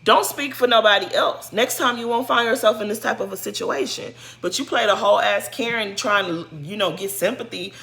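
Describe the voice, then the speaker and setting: Woman, bright tone, sassy and scolding, casual recap chatter. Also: mid-range voice, fairly quick, gravelly, few pauses. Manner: sassy, scolding, animated slang. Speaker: show commentator. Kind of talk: casual reality-show recap.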